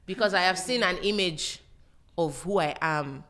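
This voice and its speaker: A woman hosts a podcast in relaxed conversation. Her voice is bright and sits a little low, and she sounds self-assured and animated. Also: normal speed. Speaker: podcast host.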